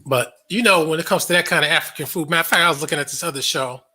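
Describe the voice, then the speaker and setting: A man's voice: on the high side, rapid-fire, pushed and bright, breathy edge. A man hosting a casual commentary monologue, blunt and sarcastic, swearing freely and laughing often. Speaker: online show host.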